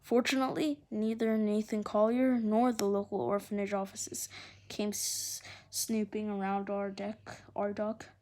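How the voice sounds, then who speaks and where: A woman reads a children's adventure novel aloud with expressive, lively delivery. Her voice sits at a typical pitch for a woman. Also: a little slow. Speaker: storyteller.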